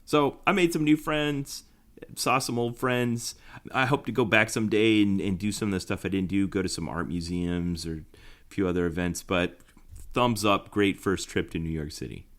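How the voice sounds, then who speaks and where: A young man co-hosting a podcast in casual chat, telling travel anecdotes in an animated way and laughing as he talks. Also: deep voice, moderate pace. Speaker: podcast co-host.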